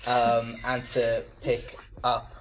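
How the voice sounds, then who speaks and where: A man's voice: mid-range voice, monotone, slow. Young man, twenties, casual youth-group talk, mid voice, umming and laughing at himself, faint background hiss. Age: 20s. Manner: rambling, many ums and restarts, laughs at his own stories. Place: church room with a small group.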